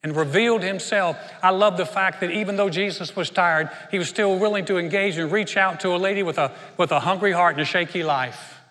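High, bright-voiced preacher man in a hall. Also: fairly quick, few pauses. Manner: conversational storytelling with frequent restarts. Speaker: pastor. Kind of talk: sermon.

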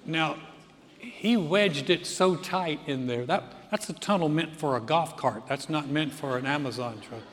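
A man's voice: a little high, a little slow, fairly bright tone. Man preaching a humorous sermon in a hall. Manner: storytelling with jokes and acted-out voices. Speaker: pastor. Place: church sanctuary. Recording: long hall reverb.

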